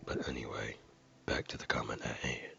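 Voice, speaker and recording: Deep gravelly man reading aloud. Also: little pitch movement, moderate pace, whispered, muffled recording, music in the background. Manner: earnest, careful reading with dramatic stresses. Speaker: reader of a viewer comment.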